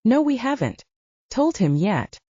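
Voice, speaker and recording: A woman voicing a loud, jovial older male law partner with a booming, hearty manner, in a slightly muffled lo-fi recording. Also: sing-song, a little slow, no room sound.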